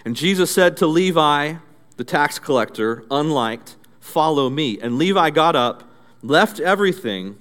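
A man's voice: fairly high pitch, expressive, a little slow, a bit bright. A male pastor preaching a sermon in a conversational, storytelling way. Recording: echoey hall reverb.

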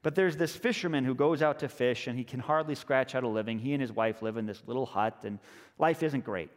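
A man preaching a sermon in a relaxed, conversational way, telling a story and slowing down for emphasis. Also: medium pitch. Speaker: pastor. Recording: long church reverb.

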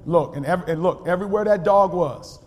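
A man preaching a sermon in a church, calling out to the congregation and swinging from shouting to quiet storytelling. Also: sits high, brisk. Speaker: pastor. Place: church sanctuary. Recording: long hall reverb.

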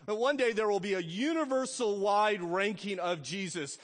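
A pastor preaching a sermon, emphatic, swelling loud and then dropping to a hush. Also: male voice, high voice, normal speed. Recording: long reverb of a church hall.

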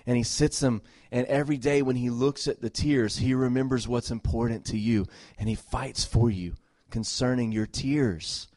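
A middle-aged man preaching a sermon as a pastor, earnest and emphatic, repeating phrases and moving between loud exhortation and soft, tender talk. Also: mid-range voice, fairly even intonation, moderate pace, hardly any pauses, no room sound, clean studio sound.

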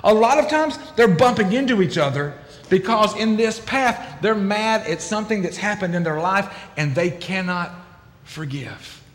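A middle-aged man, a pastor, preaching a sermon in an animated, emphatic way, acting out quotes in different voices. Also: sits high, normal speed. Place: large church hall. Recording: echoey hall with long reverb.

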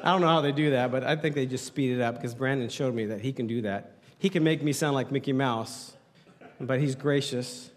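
A man's voice: mid-range voice, a little fast. A man preaching a sermon as pastor, playful and joking with the congregation, speaking into a handheld mic. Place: church hall. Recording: hall reverb.

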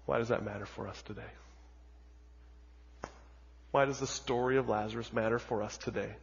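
A man preaching a sermon as a pastor, telling the story dramatically with lots of repetition and moving between hushed and loud delivery. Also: on the low side, steady tone, normal speed, creaky, slightly rough. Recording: dull audio with long hall reverb.

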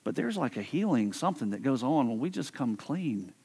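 A pastor preaching a sermon in an earnest, conversational way, often stumbling and repeating words. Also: male voice, mid-range voice, very animated, a little fast, gravelly, a little mellow, breathy edge. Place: church.

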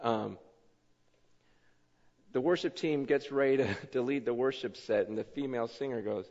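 A man preaching a sermon, telling stories in an excitable way with many fillers and restarts. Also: mid-range voice, normal speed, long pauses. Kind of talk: sermon storytelling. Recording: echoey hall, dull lo-fi sound.

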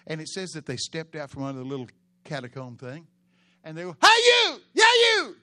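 A pastor preaching a sermon in a church, telling stories with animated, loud bursts. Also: male voice, mid-range voice, brisk.

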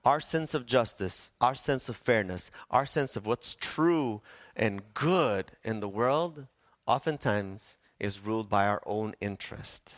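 A man preaching a sermon to his congregation, animated, asking them questions and acting out quoted voices. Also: on the low side, slow pace, no echo, studio quality. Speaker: pastor. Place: church sanctuary.

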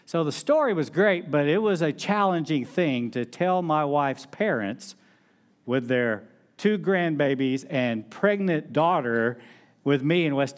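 A middle-aged man delivers a sermon like he's telling friends a story. His voice sits slightly high for a man, and he slips into acted-out quotes as he goes. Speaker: pastor.

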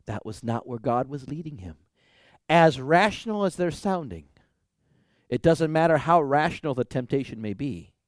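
Animated male preacher, dry sound. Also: mid-range voice, moderate pace, dry recording. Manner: animated, conversational with the congregation. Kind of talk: sermon.

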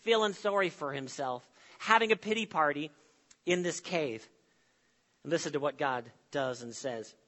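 A male pastor with a high, bright voice preaches with emphatic phrasing and dramatic pauses. He swings between loud declarations and hushed lines. His voice rings out in a hall with a long, echoing reverb. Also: animated. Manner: emphatic, with dramatic pauses and sudden drops to soft. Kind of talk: sermon.

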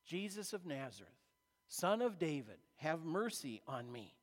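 A man's voice: on the high side, big pitch swings, measured pace, voice pushed down. A man voicing a desperate blind male beggar who pleads and calls out for help, in an echoing hall. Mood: pleading. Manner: pleading, intent. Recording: long reverb of a large hall.

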